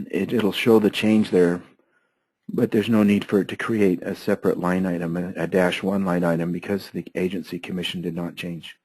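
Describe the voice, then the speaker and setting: A hoarse man with a lowish voice guides learners through an accounting program, one methodical step at a time. He keeps clearing his throat as he goes. The sound is dry and close, with no room around it. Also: moderate pace, dry recording, rough recording. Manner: steady, methodical step-by-step explaining. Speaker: software trainer. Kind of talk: screen-share software tutorial.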